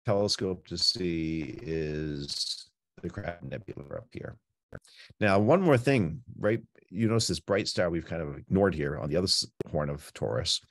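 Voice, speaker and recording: A man presenting a night sky tour, teaching in a chatty, playful way with frequent jumps in pitch. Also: no room sound, studio quality. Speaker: planetarium presenter. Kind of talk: informal astronomy talk.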